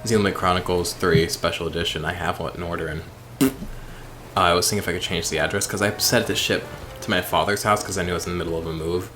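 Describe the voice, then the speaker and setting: A sleepy man chatting casually and rambling while playing a game late at night, with sudden excited squeals. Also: deep voice, fast, slight background noise. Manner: rambling, self-deprecating, bursts of excited squeals. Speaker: streamer.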